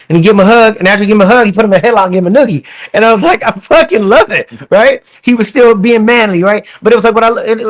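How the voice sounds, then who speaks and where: Profane, rambling man, a bit high. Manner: rambling, profane, many restarts. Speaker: podcast host. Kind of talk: casual chat.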